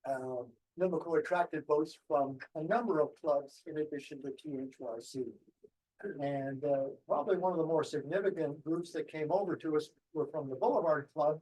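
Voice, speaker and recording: A man tells a club its history in a loose, anecdotal way, full of ums and restarts. His voice sits a little high for a man. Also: moderate pace, warm tone, poor audio. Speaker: guest speaker. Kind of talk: club presentation talk.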